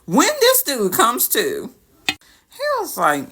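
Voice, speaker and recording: A young woman telling a dating story to camera in a sassy, animated way, acting out the quotes. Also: fairly low pitch, moderate pace, breathy edge. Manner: animated, sassy, dramatic quoting.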